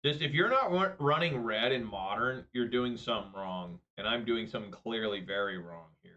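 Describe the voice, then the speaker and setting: A man's voice: on the low side, moderate pace, sharp tone, muffled recording. A man playing an online card game, commenting on his play in a profane, exasperated rant. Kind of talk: live gameplay commentary.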